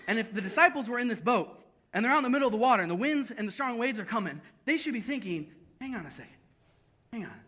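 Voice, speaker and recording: High bright-voiced young pastor preaching. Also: male voice, racing. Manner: lively storytelling with self-deprecating humor. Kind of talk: sermon. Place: church service.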